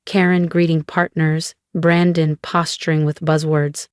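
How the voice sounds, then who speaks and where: A female narrator with a voice on the low side for a woman reads a first-person story aloud, calm and measured. The recording is dry and close, with no room sound.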